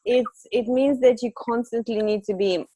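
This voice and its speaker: A woman's voice: fairly high pitch, fairly even intonation, normal speed, warm tone, no echo. Thoughtful woman host, dry close sound. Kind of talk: reflective conversation.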